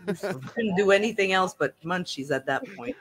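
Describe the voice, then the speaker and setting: A woman's voice: on the low side, lively intonation, measured pace, a bit bright, slight background noise. A woman hosting a podcast, teasing her guests in a casual chat. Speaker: podcast host.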